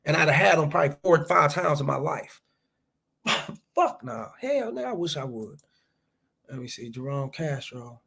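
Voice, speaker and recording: Brief: man, late thirties to early forties, husky gravelly voice, loose swearing livestream host, pitched a bit high. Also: moderate pace. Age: late 30s to early 40s. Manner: animated, swearing, reading viewer chats aloud. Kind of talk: casual profane livestream chat.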